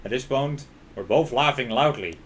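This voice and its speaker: A man's voice: mid-range voice, animated, normal speed, slight background noise. A man streaming a game, reading its story aloud in narration and reacting with laughs and panicky outbursts. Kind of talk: reading a visual novel aloud while playing.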